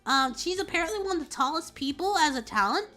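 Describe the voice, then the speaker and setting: A woman streamer chatting casually and telling a story in an animated, rambling way. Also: extremely high pitch, fast talker, soft background music. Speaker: VTuber streamer.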